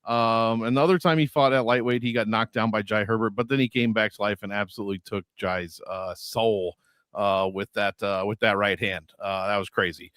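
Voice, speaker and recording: A man giving measured, stat-heavy fight analysis on a podcast over an online call, with many filler uhs. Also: lowish voice, steady tone, a bit bright, smooth, no echo, clean studio sound. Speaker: fantasy sports analyst.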